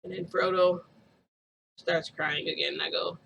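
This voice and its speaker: A woman chats through a story in a relaxed, meandering way, full of fillers and little laughs. Her voice is bright and pushes forward, and a faint hiss sits under the recording. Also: lowish voice, normal speed, vocal fry, low-quality recording. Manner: rambling, laughs often, many fillers. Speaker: vlogger. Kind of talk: casual storytelling.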